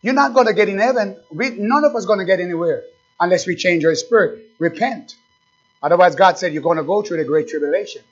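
A man preaching with a high, fervent voice, pushing up to shouts and then dropping to near murmurs. He exhorts his congregation in a sermon. The recording sounds dull and lo-fi. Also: quick pace, faint music behind. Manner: impassioned preaching, swings from shouting to hushed. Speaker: pastor.

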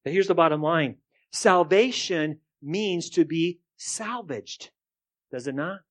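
A male pastor with a somewhat high-pitched voice delivers a sermon. He sinks to near murmurs, then climbs into loud, rising rhetorical questions. He keeps turning to the congregation and asking them to answer. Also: takes it slowly. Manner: addresses the congregation directly, asking for responses.

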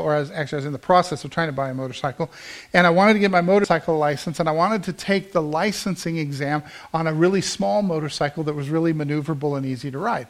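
A man in his fifties preaching a sermon, telling a personal story in an earnest, conversational way with frequent restarts. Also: a little high.

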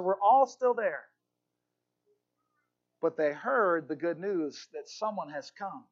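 High-voiced impassioned male pastor preaching. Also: slow, long pauses, dull audio. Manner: impassioned storytelling, swings from hushed to shouting. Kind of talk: sermon.

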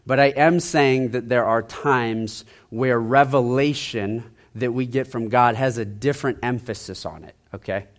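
A male pastor preaching in a loose, conversational way. He keeps repeating his phrases and sinks into a quiet, soft-spoken emphasis on his key points. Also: medium pitch, steady tone, measured pace. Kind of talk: sermon.

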